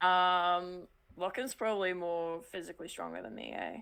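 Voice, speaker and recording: A woman's voice: fairly low pitch, fairly even intonation, moderate pace, vocal fry, a bit bright, clear, resonant tone. A woman playing in a tabletop role-playing game, chatting casually with the game master. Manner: casual, chatty, with laughs and fillers. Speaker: player.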